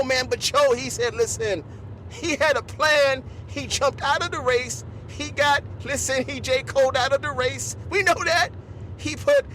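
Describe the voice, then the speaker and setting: A man hosting a podcast, delivering an animated comedic monologue full of laughs and repeated asides. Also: very high voice, a little hiss or hum. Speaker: podcast host.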